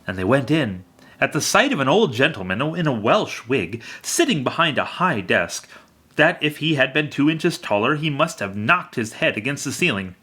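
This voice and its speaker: Bright, lively male storyteller. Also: medium pitch, moderate pace, husky. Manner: expressive storytelling. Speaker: audiobook reader. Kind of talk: reading a classic novel aloud.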